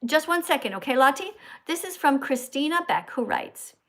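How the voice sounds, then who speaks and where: A woman hosting a live stream in a blunt, bossy, confrontational way, with quick asides to her viewers. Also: high-pitched, lively intonation. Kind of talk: casual live-stream chat.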